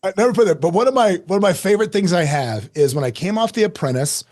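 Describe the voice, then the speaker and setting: A middle-aged man telling a story as a podcast guest, lively and self-mocking, acting out quoted lines. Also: high voice, quick pace. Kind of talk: animated storytelling in an interview.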